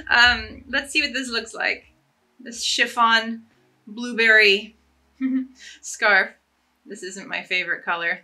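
A woman's voice: medium pitch, pushed and bright. A woman chatting casually and enthusiastically as she demonstrates ways to tie scarves, with a self-deprecating humor. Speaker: fashion vlogger.

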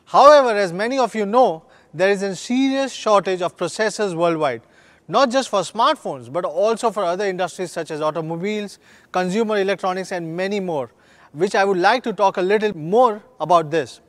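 A man's voice: high voice, fairly quick, fairly bright tone. A man, a company executive delivering an earnest, upbeat scripted keynote at a product launch.

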